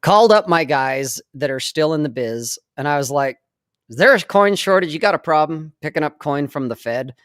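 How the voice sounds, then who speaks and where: A man's voice: on the high side, animated, moderate pace, a bit bright, clear, resonant tone, no echo, clean studio sound. A man on a casual podcast, telling a story in a wry, conspiratorial way.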